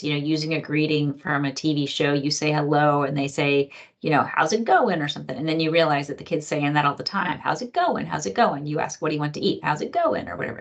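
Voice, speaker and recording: Woman, middle-aged, lower voice, casual lecturer at a clinical training. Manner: conversational, lots of fillers and acted quotes. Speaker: physician trainer.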